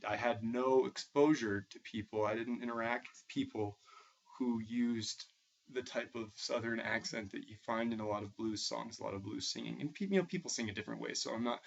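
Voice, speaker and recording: A man's voice: lowish voice, creaky. A young man from Massachusetts with a New England accent, a music teacher thinking aloud in a hesitant, reflective way with many restarts. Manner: thoughtful, hesitant, with frequent restarts. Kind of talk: casual spoken reflection. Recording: dull lo-fi recording.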